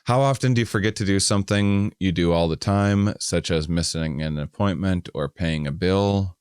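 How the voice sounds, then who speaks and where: Very deep, smooth-voiced rambling man. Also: moderate pace, a little mellow, dry recording. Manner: rambling, self-deprecating, reads survey questions aloud. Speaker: podcast co-host. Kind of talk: casual podcast chat.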